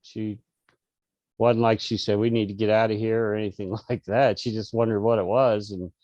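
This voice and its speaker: A man's voice: lowish voice, flat delivery, normal speed, darkish tone, no room sound, muffled recording. A middle-aged man, an interview guest, telling a casual story over a video call with lots of restarts and fillers. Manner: rambling, many restarts and fillers.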